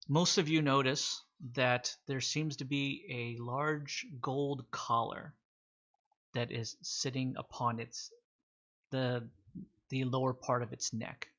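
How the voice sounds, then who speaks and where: A man's voice: medium pitch, flat delivery, takes it slowly, fairly bright tone, lo-fi sound. A man narrating a tabletop game as game master, describing scenes with frequent filler words.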